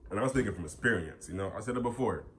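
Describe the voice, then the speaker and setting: Deep-voiced young man ranting on a vlog. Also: rapid-fire, a little hiss or hum. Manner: animated, profane, ranting. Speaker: YouTuber. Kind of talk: casual vlog talk.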